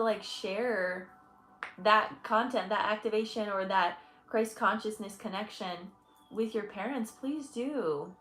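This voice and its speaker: A woman's voice: medium pitch, unhurried, a bit bright, reverberant. A woman in her twenties from Michigan hosting a casual livestream chat as an energy healer. She talks chattily and effusively, laughing often and thanking viewers. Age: 20s.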